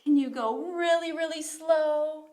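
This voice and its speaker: A young woman leading a toddler yoga lesson, talking in a gentle, encouraging, sing-song way to small children. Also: high voice, steady tone, a little slow. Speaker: kids' yoga teacher.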